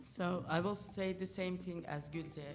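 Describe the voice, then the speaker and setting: A man's voice: sits high, fairly even intonation, a little slow. A teenage boy with a Turkish accent, a student guest speaking hesitantly with many fillers. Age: teens. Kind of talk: casual discussion.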